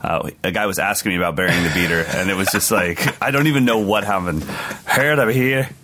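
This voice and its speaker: Deep-voiced Californian man telling road stories. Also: fast talker, slight background noise. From California, United States. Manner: animated, laughing storyteller, drops into quoted voices. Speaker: touring drummer, guest. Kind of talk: casual storytelling over a call.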